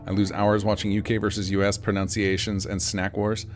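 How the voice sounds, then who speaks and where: A man's voice: lowish voice, completely flat delivery, fairly quick, faint music behind. An American man chatting casually to viewers on a live game stream, rambling in a chatty way. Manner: rambling, chatty, talks to chat.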